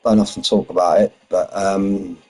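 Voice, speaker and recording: Streaming a racing game at home in Spain, a man from London speaks at normal speed in a low, level, darkish voice. He chats easily with his audience, answering chat, calling out lap times and saying "mate" constantly, though the recording is low quality.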